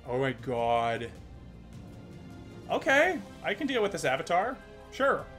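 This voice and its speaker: Excitable swearing streamer guy. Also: on the high side, slow pace, faint music behind. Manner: excitable, swears a lot, jokey. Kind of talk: casual gaming livestream chat.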